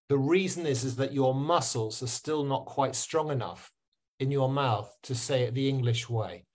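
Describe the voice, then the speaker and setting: A man teaching pronunciation in an online webinar, encouraging and repeating sounds slowly for learners. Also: mid-range voice, a little mellow. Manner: encouraging, drills words slowly and repeats them. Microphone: video call.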